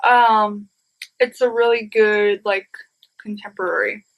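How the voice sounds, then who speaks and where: On a poor recording with a faint hiss or hum, a woman in her thirties talks slowly in a steady, mid-range voice. She's a book vlogger doing a casual haul of her new books, rambling enthusiastically and often saying "you guys."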